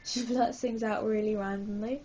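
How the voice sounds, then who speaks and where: A woman's voice: medium pitch, steady tone, normal speed, warm tone, slight background noise. A woman vlogging a casual book review, hyper and giggly, rambling with lots of apologetic asides.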